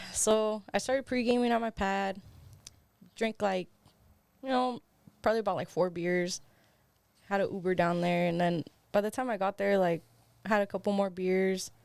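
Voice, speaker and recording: Young woman, podcast co-host, casual laughing storyteller, swears, mid pitch, dry close sound. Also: fairly even intonation, moderate pace, vocal fry, pauses often, a little mellow, smooth, no room sound. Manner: loose and laughing, swears freely, heavy on "like". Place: podcast studio.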